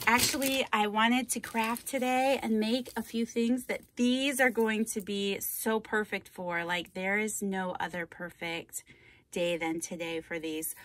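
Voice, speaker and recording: A woman's voice: medium pitch, a bit bright, a little hiss or hum. A woman hosting a casual craft vlog, gushing and thanking a viewer as she unpacks a box of supplies. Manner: gushing, effusive, repeats thanks. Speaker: craft channel host. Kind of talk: casual mail-opening vlog.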